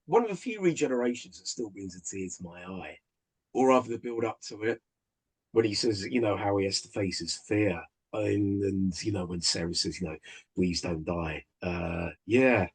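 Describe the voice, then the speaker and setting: A man with a low, husky voice talks on a podcast. He speaks haltingly, restarting his sentences, and sounds sentimental. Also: poor audio. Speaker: podcast panelist. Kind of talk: casual chat.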